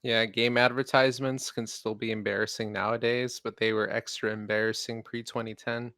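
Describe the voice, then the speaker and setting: A man's voice: medium pitch, little pitch movement, fairly quick, bright, forceful tone, no echo. A man co-hosting a podcast with dry, wry remarks. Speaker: podcast co-host. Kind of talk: casual chat.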